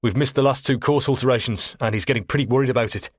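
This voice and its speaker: A man voicing a young, anxious junior ship's officer who talks in an apologetic, hurried way, in an audiobook. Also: mid-range voice, no room sound, studio quality, voice pushed up, lightly acted. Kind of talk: audiobook character voice.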